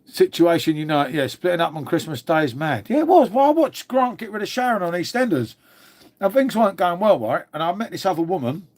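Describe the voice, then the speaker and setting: Fifties guy on a live stream, bit higher voice, jokey and sweary, mate every other word. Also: very animated, fairly quick. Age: 50s. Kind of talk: casual live-stream chat with viewers.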